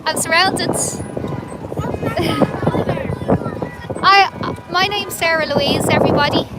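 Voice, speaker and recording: A woman's voice: very high voice, normal speed, loud music behind the voice, poor audio. An Irish woman livestreaming from a street protest, chatting to her viewers in a giggly way. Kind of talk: casual live-stream chat. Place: outdoors at a street protest beside traffic. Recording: loud traffic noise behind.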